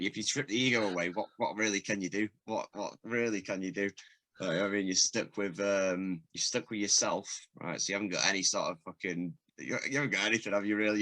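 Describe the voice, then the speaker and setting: His voice is lowish, bright and forceful: an English rapper and producer chatting as a guest on a casual podcast. He tells rambling stories, cursing a lot and laughing frequently.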